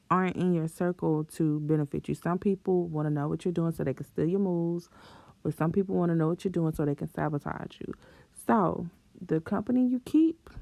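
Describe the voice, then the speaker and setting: In a dry recording, a young woman with a fairly low, creaky, slightly mellow voice gives casual self-esteem advice to camera. Her manner is chatty and encouraging, often punctuated by laughter and playful exclamations.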